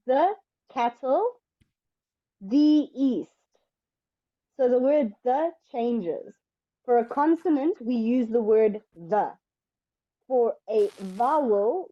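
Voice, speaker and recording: A woman teaching English in an online lesson, explaining step by step in a patient, slow way. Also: fairly high pitch, lo-fi sound.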